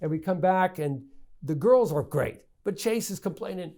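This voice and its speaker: A man's voice: fairly high pitch, moderate pace. A middle-aged man, a state senator, telling family stories in a candid interview, stammering and restarting as he goes. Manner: animated anecdotes, frequent restarts and stammers. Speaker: state senator, podcast guest.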